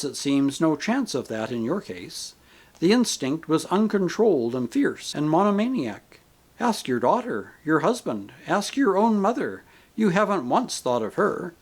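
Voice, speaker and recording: A man voicing a gentle, patient male spirit who speaks calmly and kindly, reasoning with a grieving soul in an audiobook. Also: on the high side, slightly rough, full character voice. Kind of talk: audiobook character reading.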